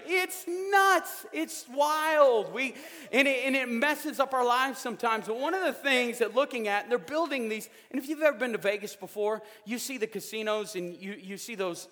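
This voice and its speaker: A man preaching a sermon, animated and joking, with sudden loud outbursts. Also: sits high. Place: church sanctuary. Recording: reverberant church hall.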